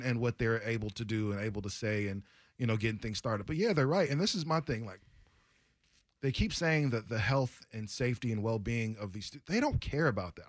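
A man in a mid-range voice co-hosting a sports radio show, opinionated and animated as he rambles through his points. His voice is recorded dry and close, with no room echo. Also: medium pitch. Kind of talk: casual sports talk radio.

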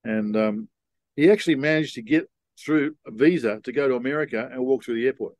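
A man's voice: mid-range voice, fairly quick, a little mellow, no room sound. Laid-back man telling stories. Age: older. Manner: laid-back rambling storyteller. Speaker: guest. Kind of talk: casual storytelling interview.

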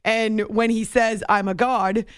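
A woman hosting late-night sports radio, talking in a chatty, quick way with frequent laughs and asides. Her voice sits a little high. The studio sound is dry and close. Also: steady tone, smooth, no echo. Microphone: studio microphone.

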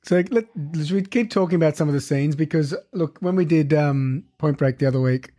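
A man co-hosting a podcast, chatting casually about a movie in a relaxed way, with dry teasing. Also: a little high, a little fast. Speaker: podcast co-host.

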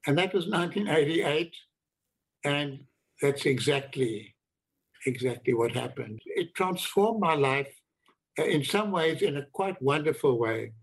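A man's voice: a little high, expressive, slightly rough, rough recording. Older man, reflective storyteller. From South Africa. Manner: reflective, deliberate, repeats words for emphasis. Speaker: interviewee recounting his life. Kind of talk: personal storytelling.

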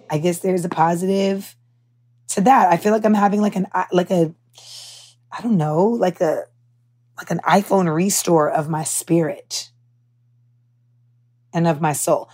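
Chatty young woman podcaster. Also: medium pitch. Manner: candid, animated storytelling with profanity and many fillers. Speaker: podcast host. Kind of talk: casual chat.

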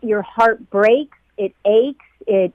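A middle-aged woman, a flight attendant, recalling events in an emotional interview, heartfelt and quoting others in lively voices. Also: medium pitch, takes it slowly, no echo, lo-fi sound.

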